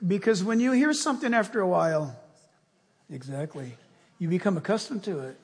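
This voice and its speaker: A male pastor preaching a sermon, animated and acting out scenes as he tells them. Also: high voice, a little fast, husky. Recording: long reverb of a large hall.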